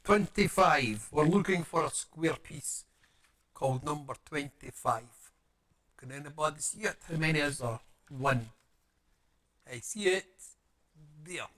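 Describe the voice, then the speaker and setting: Man, chatty build commentary, slow unhurried talk, slightly high voice, goofy sound effects. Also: lively intonation, a bit bright. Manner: playful, mutters to himself, makes silly sound effects. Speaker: paper model builder.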